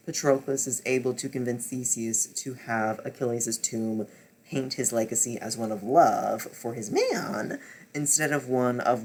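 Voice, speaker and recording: A man casually reviewing books he read, telling it dramatically, swearing and repeating himself as he gets worked up. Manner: swings from low muttering to loud near-shouting. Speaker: book reviewer. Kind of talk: casual book wrap-up vlog.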